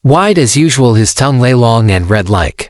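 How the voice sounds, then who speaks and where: A male storyteller reading a folktale in simple, even storytelling. His voice sits at a middle pitch. The recording is dry and close with no room sound. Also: normal speed, no room sound. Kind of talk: scripted folktale narration.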